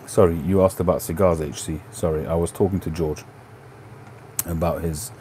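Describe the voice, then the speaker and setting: A middle-aged man with a London Cockney accent, hosting a livestream and casually answering viewer questions in a relaxed, rambling way with lots of ums and self-corrections. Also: deep voice, normal speed, a little hiss or hum. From England. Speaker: livestream host.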